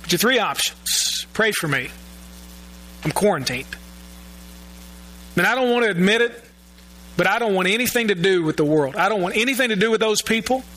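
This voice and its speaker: A man's voice: high voice, expressive, normal speed, pauses often, sharp tone, a little hiss or hum, poor audio. A male pastor giving a sermon in a church, earnest and often repeating words as he searches for his phrasing. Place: church sanctuary.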